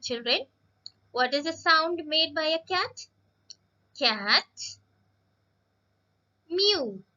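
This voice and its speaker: Her voice sits high with a sharp tone, and the recording loses its high frequencies. She's a teacher giving young children a recorded lesson, patient and slow, often addressing them and saying words again.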